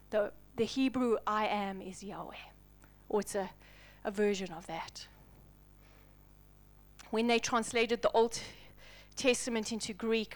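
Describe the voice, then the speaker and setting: A woman's voice: a little high, fairly bright tone. A woman preaching a sermon to a congregation, telling Bible stories dramatically and dropping to a near whisper at the key moments.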